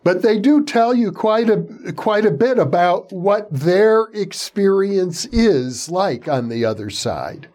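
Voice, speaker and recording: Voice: mid-range voice, lively intonation, slow pace, hardly any pauses, a little mellow. An interviewer summing up what the guest has said and asking about her book. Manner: prompting, summarizing the guest's points.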